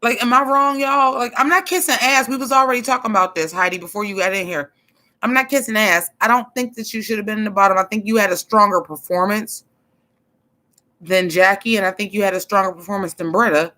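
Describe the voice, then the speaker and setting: Woman, casual stream commentator: blunt, expressive, swears, talks back to chat. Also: mid-range voice, fairly quick. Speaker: drag show commentator.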